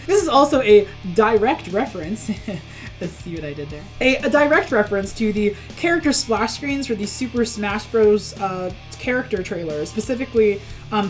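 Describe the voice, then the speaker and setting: A chatty young woman cartoonist walks through the pages of her comic in a relaxed, self-deprecating way and laughs easily. Soft music plays faintly behind her. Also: mid-range voice. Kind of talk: casual commentary on her comic.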